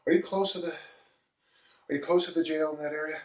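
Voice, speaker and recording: A man's voice: on the high side, steady tone, normal speed. A man who is a strength coach, chatting casually and rambling between sets of kettlebell swings during a livestream, chuckling often as he talks. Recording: roomy sound from a distant mic.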